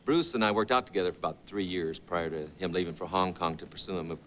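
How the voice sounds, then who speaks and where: Deep-voiced and fast, with a fairly bright tone, a man in his fifties tells casual, rambling anecdotes as a talk show guest, peppering them with quoted dialogue. He's an actor, recorded in a TV studio with slight background noise.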